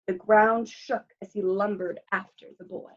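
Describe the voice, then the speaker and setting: Expressive woman reading to children. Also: medium pitch, normal speed, highs cut off. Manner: expressive read-aloud with asides to children. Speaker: librarian storyteller. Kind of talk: children's story time read-aloud.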